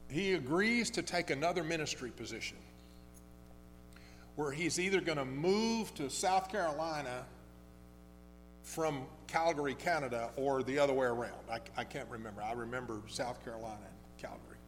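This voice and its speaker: Man preaching in a reverberant hall. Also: mid-range voice. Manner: conversational, halting storyteller with many restarts. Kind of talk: sermon storytelling. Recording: long hall reverb with faint hum.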